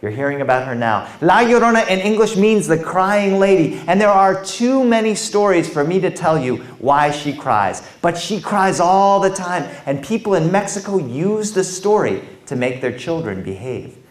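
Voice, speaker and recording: A man tells a story to a young audience in an animated, dramatic way, speaking straight to them. His pitch swings widely. His voice echoes around a roomy performance space. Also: moderate pace, few pauses.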